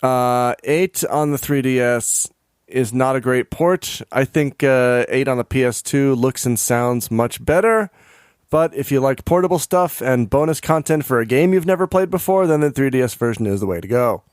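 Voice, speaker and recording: A man's voice: mid-range voice, normal speed, clear, resonant tone, no room sound, clean studio sound. A man hosting a podcast in casual chat, rambling and easily flustered, with lots of fillers. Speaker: podcast host.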